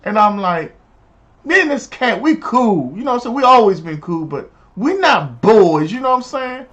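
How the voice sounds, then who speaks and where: A man streaming a football video game, chatting casually and telling stories in an animated, slangy way. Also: sits high, normal speed, dull audio. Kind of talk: casual live-stream chat while gaming.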